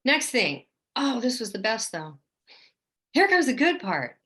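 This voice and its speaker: A woman from New Orleans, a guest in an interview, telling her story in a lively, vivid way with lots of "like" and "right?". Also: a little high, measured pace. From New Orleans, USA. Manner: animated, vivid storyteller, often says "like" and "right?".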